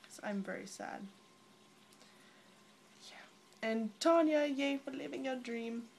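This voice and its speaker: A woman's voice: sits high, slow pace, gravelly, slight background noise. A young woman chatting casually to friends in a vlog recorded on her phone, bubbly and rambling, often giggling between thoughts. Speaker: vlogger. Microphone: phone camera at arm's length.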